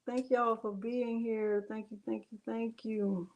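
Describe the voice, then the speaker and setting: A woman's voice: fairly high pitch, flat delivery, measured pace, a little mellow. A woman hosting a live crafting demonstration from her home craft space, chatty, laughing often and talking straight to her viewers. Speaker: craft livestream host.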